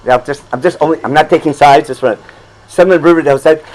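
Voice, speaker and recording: An older man teaches a Torah class loosely and conversationally, his voice on the high side and quick. He often asks "you follow?" and chuckles at his own asides, on a rough recording.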